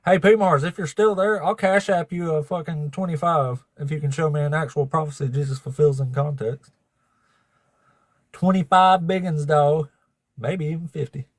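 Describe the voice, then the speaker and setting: Laughing, profane livestream host. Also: male voice, fairly high pitch, normal speed, dry recording. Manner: profane, laughing, talks to chat. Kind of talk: casual livestream chat.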